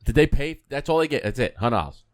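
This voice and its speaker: A man's voice: mid-range voice, very animated, fast talker, dry recording. A man reacting and joking in a casual podcast chat, often swearing. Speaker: podcast co-host.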